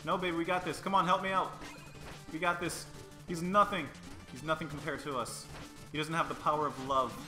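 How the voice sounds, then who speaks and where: A young man hosting a casual co-op let's play, excitable and full of playful trash talk. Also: fairly high pitch, fairly quick. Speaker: gaming channel host. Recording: echoey room with game music.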